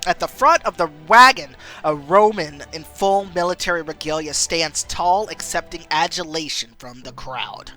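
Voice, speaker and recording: A woman's voice: low-pitched, normal speed, hardly any pauses, soft background music. A woman streamer reading a story game aloud and chatting playfully about her choices. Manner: animated, playful.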